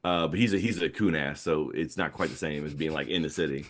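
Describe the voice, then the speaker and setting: A man's voice: rumbling low, fast. A man from the New area, telling stories in a casual podcast chat. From New Orleans area, Louisiana. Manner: animated storytelling with laughs. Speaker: guest comic artist.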